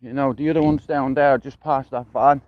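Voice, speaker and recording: A man's voice: mid-range voice, fairly even intonation, moderate pace, dry recording, phone-quality sound. A middle-aged man with a Dublin accent chatting casually on a livestream while walking outdoors, rambling and swearing with lots of "you know what I mean". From Ireland. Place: outdoors, walking through a neighbourhood.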